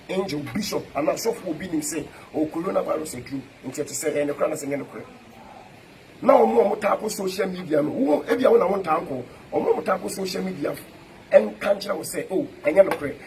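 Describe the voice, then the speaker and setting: A man's voice: fairly high pitch, background noise. A Ghanaian-accented man, a pastor, giving an emphatic rebuttal to camera with chanted, repeated parallel phrases.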